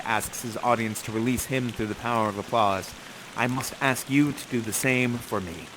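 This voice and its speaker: A man's voice: mid-range voice, noisy background. A man acting and hosting an interactive Shakespeare show, reciting verse and cheering on his audience in an effusive, encouraging way, on a headset mic with music behind. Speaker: actor and host of an interactive theater show.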